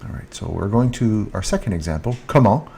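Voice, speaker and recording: A man giving a casual French lesson, speaking slowly, repeating each French word and stressing it, recorded on a handheld mic. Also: fairly low pitch, lively intonation, creaky, warm tone, husky. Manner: slow, repeats French words with rising emphasis. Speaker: French teacher. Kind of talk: casual online language lesson. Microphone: handheld mic with earphone monitor.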